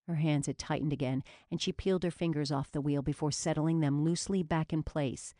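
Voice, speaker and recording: Female audiobook narrator, low register, dry close read, steady and measured. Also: dry recording.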